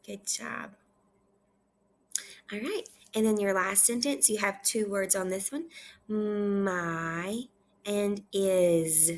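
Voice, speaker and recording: A woman teaching kindergarten, reading aloud slowly and clearly in a repeat-after-me lesson from her kitchen at home. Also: medium pitch. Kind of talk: slow read-aloud lesson for young children.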